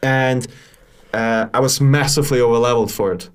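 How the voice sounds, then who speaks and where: A man's voice: mid-range voice, fairly even intonation, a little fast, clean tone. A man co-hosting a casual gaming podcast, talking with many fillers and restarts. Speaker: podcast co-host.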